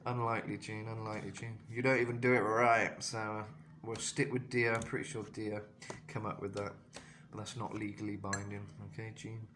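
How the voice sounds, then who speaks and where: A man's voice: on the low side, little pitch movement, brisk, background noise. A young man giving a casual vocal lesson, talking loosely with self-mocking asides between demonstrations. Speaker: vocal coach.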